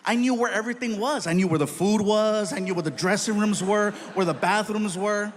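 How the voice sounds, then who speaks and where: A man performing a stand-up comedy routine, telling a story with lively acted-out voices and sudden loud bursts. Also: high voice, brisk, a little hiss or hum. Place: live comedy stage.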